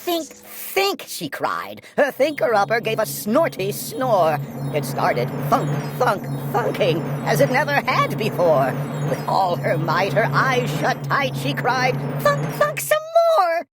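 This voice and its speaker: An older woman, a retired teacher, reading a rhyming children's story aloud in an expressive, animated way. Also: mid-range voice, unhurried, over loud music.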